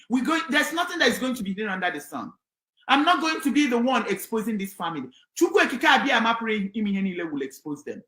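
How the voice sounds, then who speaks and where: A Nigerian woman holds forth on air with fervent, preacherly conviction, her high voice often rising to a shout. Her tone is bright and ringing. The recording carries a roomy echo. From southeastern Nigeria. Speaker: commentator on air. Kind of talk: impassioned on-air commentary.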